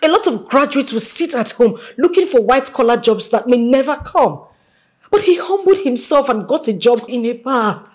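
A woman's voice: high voice, lively intonation, moderate pace, darkish tone. A young Nigerian woman playing an emotional daughter who pleads and argues with her mother. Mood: arguing. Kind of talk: Nollywood drama acting.

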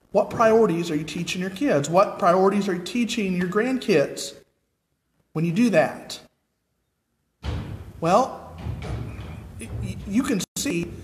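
High-voiced preacher in an echoey church. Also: male voice, a little hiss or hum. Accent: American. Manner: earnest, asks the congregation repeated questions. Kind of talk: sermon. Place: church sanctuary with nearly empty pews.

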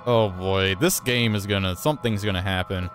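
A man hosting a let's play, reading the game's dialogue aloud and reacting emotionally, his voice jumping high when startled. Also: normal speed, music in the background. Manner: emotional, excitable, voice jumps high when alarmed. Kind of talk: reading game text aloud with casual commentary.

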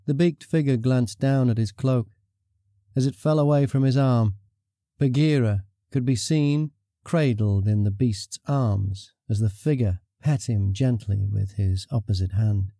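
A man reading a fantasy audiobook in a measured, even storytelling manner. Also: medium pitch, no echo, clean studio sound. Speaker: audiobook narrator. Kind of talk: scripted story narration.

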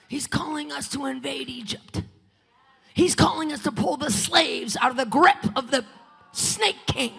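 A woman preaching in a high, gravelly voice, echoing hall. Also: measured pace. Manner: swings between shouting and hushed whispers. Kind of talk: fiery sermon. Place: church sanctuary. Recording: long church-hall reverb.

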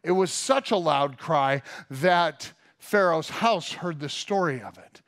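A man with a slightly high voice preaches in church like he is telling a story to friends. He keeps it loose and chatty, stopping for little asides and fillers as he goes. He sounds like a pastor in his forties. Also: fairly bright tone. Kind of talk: sermon.

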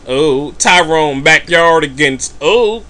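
A man's voice: fairly high pitch, animated, takes it slowly, bright, forceful tone. A man giving casual gameplay commentary, rambling in crude, joking slang. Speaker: let's play commentator.

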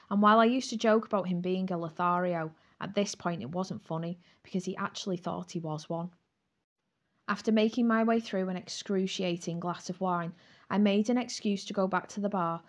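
A woman narrating a first-person romantic comedy novel aloud, with an expressive, wry storytelling manner. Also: fairly low pitch, moderate pace. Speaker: audiobook narrator.

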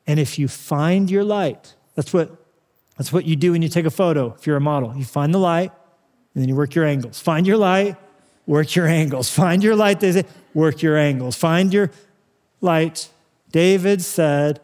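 A male pastor preaching a sermon, swinging between loud urging and hushed, tender passages. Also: a little high, normal speed, in a large hall.

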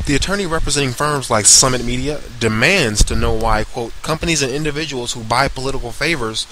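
A man's voice: medium pitch, fairly quick, noisy background. A man reading a news article aloud with sarcastic asides of his own, often stumbling over words and correcting himself as he goes.

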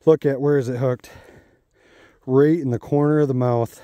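A man, an outdoor vlogger talking excitedly to viewers while fishing on a riverbank. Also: mid-range voice, normal speed, dry recording, dull audio. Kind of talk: excited outdoor narration to camera.

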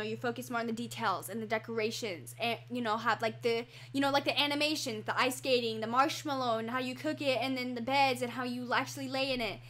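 A woman chatting casually over her computer mic while touring a game, excitable and full of fillers. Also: fairly high pitch. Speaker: gaming channel host. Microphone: computer microphone.

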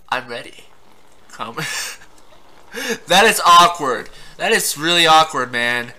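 A man's voice: fairly high pitch, pushed and bright. A young man giving casual let's-play commentary, laughing often, swearing and yelping at surprises in the game. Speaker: gameplay commentator.

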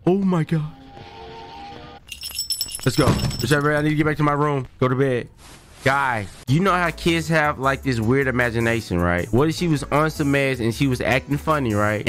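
A man narrating his horror-game playthrough in a casual, slangy way. His pitch jumps around a lot, and he breaks into frightened yells. Faint game music sits underneath. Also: expressive, brisk. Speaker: gaming video host. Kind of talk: casual let's-play commentary.

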